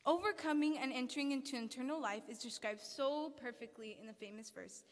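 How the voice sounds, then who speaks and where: A woman's voice: high-pitched, fairly quick. A young woman speaking as a student at a service, earnestly preaching, reading scripture aloud and putting questions to the audience. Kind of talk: sermon. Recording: long hall reverb.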